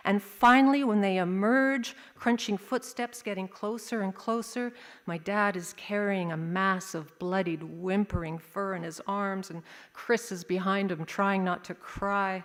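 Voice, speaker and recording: Woman telling a story in a reverberant hall. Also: on the low side. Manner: vivid, expressive storytelling with dramatic pauses. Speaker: service speaker sharing a personal story. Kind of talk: storytelling to a congregation. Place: large worship hall.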